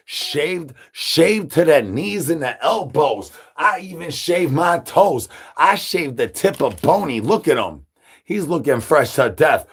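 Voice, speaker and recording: A comedy streamer with a voice on the high side and a breathy edge delivers a crude, absurd monologue. He rattles off rhyming nonsense and repeated catchphrases and calls for brains like a zombie.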